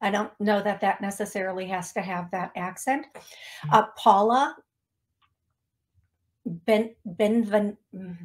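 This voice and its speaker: Slow-talking chatty woman radio host. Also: mid-range voice, fairly even intonation. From United States. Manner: self-deprecating, giggly, chatty. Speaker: psychic medium host. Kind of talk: casual radio show talk.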